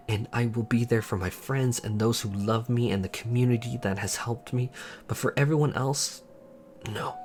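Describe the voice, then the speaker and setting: A man, a gaming YouTuber, speaking in a candid personal monologue, earnest and frustrated, halting with repeated restarts. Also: on the low side, a little mellow.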